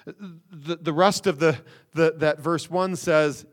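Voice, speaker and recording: A man preaching a sermon, stressing words with slow emphasis and rhetorical questions. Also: on the high side. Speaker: pastor.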